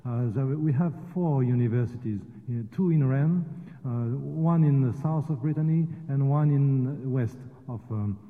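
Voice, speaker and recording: A man's voice: medium pitch, moderate pace. Man, French accent, non-native speaker, conference talk, hesitant with fillers, echoey hall, tinny phone-like sound. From France. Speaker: guest speaker, university vice rector. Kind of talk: conference presentation. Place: conference room.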